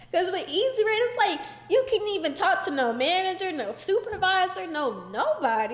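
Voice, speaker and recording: A young woman tells a storytime vlog in an animated, exasperated way, her high voice leaning on "like" again and again. The room around her is echoey, with a long ring after each phrase. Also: normal speed. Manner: animated, exasperated, frequent "like" fillers. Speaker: vlogger. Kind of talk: casual storytime. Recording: roomy echoey indoor recording.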